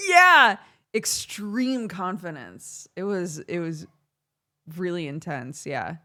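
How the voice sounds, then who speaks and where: This young streamer has a lowish voice and speaks slowly while casually telling a story on her livestream. She's giggly and animated, laughing often.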